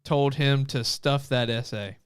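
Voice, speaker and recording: A man's voice: mid-range voice, unhurried, clear, resonant tone. A young man co-hosting a casual podcast chat, telling a rambling story with many restarts. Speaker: podcast co-host.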